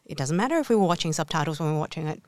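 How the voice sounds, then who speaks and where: A woman's voice: low-pitched, animated, racing, a little mellow, no room sound. A woman culture reporter speaking thoughtfully, hedging her points in a casual discussion.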